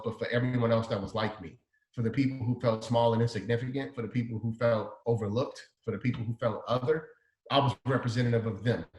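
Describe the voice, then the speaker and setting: A man from Chicago's South Side, a designer telling a story in an interview, animatedly acting out the dialogue he quotes. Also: mid-range voice. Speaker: guest, designer. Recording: echoey room.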